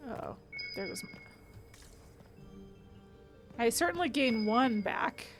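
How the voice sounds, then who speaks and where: A woman's voice: on the high side, animated, takes it slowly, faint music behind. A woman streaming a video game, chatting to herself and chat as she plays and laughing often. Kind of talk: casual let's-play commentary.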